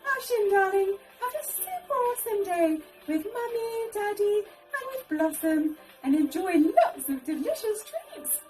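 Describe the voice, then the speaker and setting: A woman hosting a children's puppet show in a very high, lilting voice that swoops all over. She talks slowly and gushingly, as if to a small child. Soft music plays behind her. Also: big pitch swings, poor audio. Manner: sing-song, gushing and affectionate toward a child.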